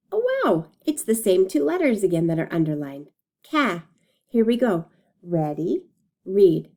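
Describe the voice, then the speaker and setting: Her voice is lowish and mellow. She's teaching phonics to little kids, slowly drawing out and demonstrating words while cheering them on.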